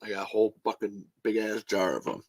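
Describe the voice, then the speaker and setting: A man chatting casually on a livestream, reading viewer comments and bursting into animated movie-line impressions. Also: lowish voice, fast, poor audio. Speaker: show guest and regular.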